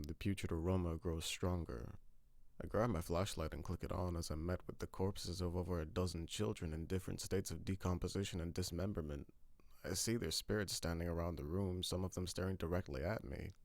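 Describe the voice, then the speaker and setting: A man with a very low, deep voice narrates a horror story in a steady, grim tone. The recording is dry and close, with no room sound. He reads it as scripted narration. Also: gravelly, dry recording.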